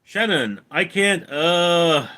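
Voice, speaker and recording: Slow-talking man reading his live chat. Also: animated. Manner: reads out viewers' names and comments, then answers them; calls out names louder and higher than his answers. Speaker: streamer reading viewer chat; actor. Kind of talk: casual livestream chat.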